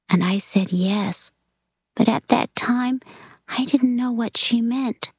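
Slow, soft-spoken woman reading a story. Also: a little high, breathy edge, dry recording, clean studio sound. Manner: soft, often half-whispered delivery. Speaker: reader.

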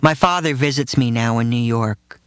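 A man's voice: medium pitch, moderate pace, a bit bright. Man reading a memoir, dry and matter-of-fact. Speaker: narrator reading his own memoir. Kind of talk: first-person memoir reading.

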